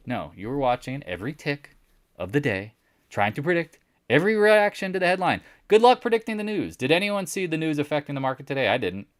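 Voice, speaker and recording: A man hosting a casual live stock market recap, animated and sarcastic, often teasing imagined viewers. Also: fairly high pitch, fairly quick, no room sound, clean studio sound.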